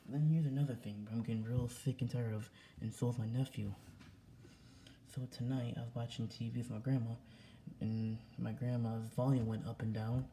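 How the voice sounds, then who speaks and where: A young man vents into his camera at home in a flat, dark voice, circling back to the same points again and again. He swears freely and sounds agitated. A faint hum of room noise sits under the recording. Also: mid-range voice, moderate pace, long pauses. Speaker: vlogger. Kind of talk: casual vlog rant. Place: home indoors.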